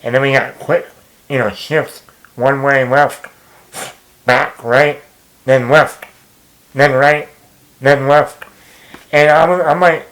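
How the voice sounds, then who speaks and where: A young man giving a casual spoken movie review, rambling, often restarting and repeating words, with animated asides. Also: medium pitch, a little slow, long pauses, rough recording.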